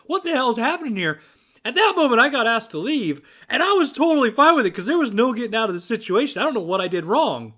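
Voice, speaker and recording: A young man co-hosting a casual podcast, his voice high and bright with big swings in pitch. He tells rowdy stories and slips into voices for the other people in them. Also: very animated, fast talker, hardly any pauses. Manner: rowdy, acts out dialogue in voices. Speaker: podcast co-host. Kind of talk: casual storytelling chat.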